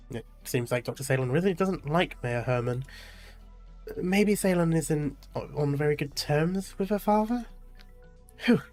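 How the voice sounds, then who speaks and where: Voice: medium pitch, normal speed, soft background music. Casual gaming streamer reading the story. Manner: casual, chatty asides. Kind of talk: reading a game story with asides.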